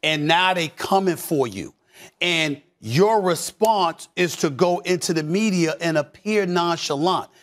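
High-voiced middle-aged guy going off on sports takes, repeats stuff, mumbles low then yells. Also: a little slow. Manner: emphatic, repeats phrases, swings from low mutter to shouting. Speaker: sports commentator. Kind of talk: heated sports debate.

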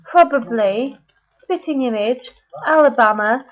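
A woman's voice: on the high side, unhurried. A British woman vlogger reading a word list and answering questions about what she calls things, in a chatty way. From United Kingdom. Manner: chatty, reads words one by one. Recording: tinny phone-like sound.

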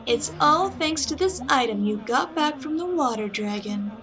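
A woman's voice: sits high, animated, normal speed, pitched above the performer's own voice, rough recording. A woman voicing a sly, gloating evil fox spirit in a video game. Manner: gloating, scheming. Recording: game music behind voice.

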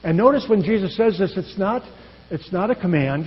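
A male pastor preaching a sermon in an earnest, measured way, his phrases often trailing off softly. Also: sits high, expressive, slight background noise. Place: church sanctuary. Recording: dull echoey church hall.

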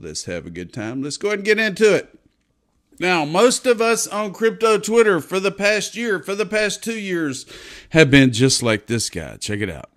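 A man in his fifties from Texas, hosting a casual crypto commentary video in a blunt, profane, talkative way. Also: a little high. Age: 50s. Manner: blunt, profane, chatty with swings of loudness. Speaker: crypto show host.

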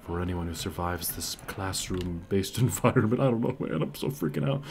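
A man doing let's-play commentary on a horror game. He talks to viewers in a hush, swears, and yells in panic. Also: deep voice, fairly quick, vocal fry, a little hiss or hum. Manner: hushed and careful, then yelling in panic. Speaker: gaming video creator. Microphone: desk mic.

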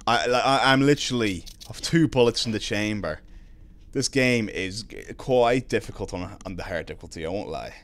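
A young man streaming a horror game, swearing a lot and breaking into loud excited shouts. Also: fairly low pitch, normal speed. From Ireland. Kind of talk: live gaming commentary.

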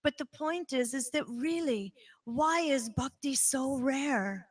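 A woman with a bright, high voice gives a devotional talk at a spiritual center. She tells her story with emphasis and animation, building each point as she goes. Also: expressive, slow pace. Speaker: devotional speaker.

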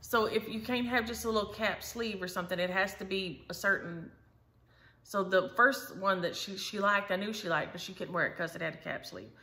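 A woman's voice: medium pitch, brisk, sharp tone. An older woman, telling stories in casual, chatty talk as host of her stitching channel. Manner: chatty storyteller, says "y'all". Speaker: Flosstube host. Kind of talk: casual chat.

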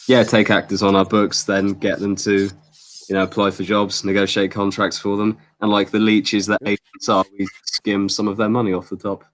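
A man chats casually on a call in a laid-back way. He talks about himself with a self-mocking tone. His voice sits a little low. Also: fairly bright tone, a little hiss or hum, poor audio. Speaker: actor and actors' agent. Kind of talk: casual group chat on a live call.

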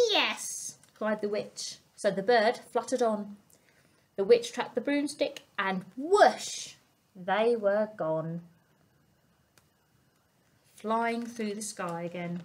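A woman storyteller reading a picture book aloud to young children, expressive and asking them questions. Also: medium pitch, takes it slowly, long pauses. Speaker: family centre storyteller.

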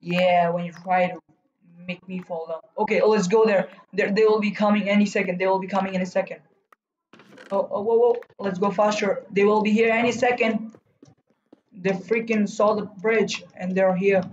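A man giving live commentary while streaming a game, urging himself on and breaking into loud whoa and no cries. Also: high-pitched, flat delivery, normal speed, echoey room, lo-fi sound, slight background noise. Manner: talks to himself and urges teammates on. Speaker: gaming streamer.

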